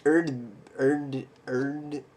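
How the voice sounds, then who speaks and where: A man hosting a card collecting video, slowly reading names off cards, stumbling over some and making little jokes to himself. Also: mid-range voice, level tone, darkish tone. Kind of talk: casual mail day card showcase.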